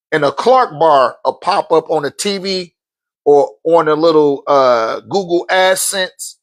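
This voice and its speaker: A man, a spiritual teacher telling stories in casual teaching talk, acting out quotes and laughing often. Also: high-pitched. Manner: animated storytelling, acts out quotes, laughs often.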